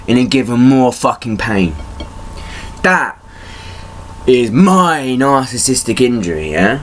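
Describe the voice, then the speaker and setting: A man of medium pitch vents to the camera in a personal vlog, hurting and angry. He swears freely, and his rants climb in heat. A faint hiss of room noise sits behind him. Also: very animated, slow, fairly bright tone. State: in pain. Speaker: vlogger.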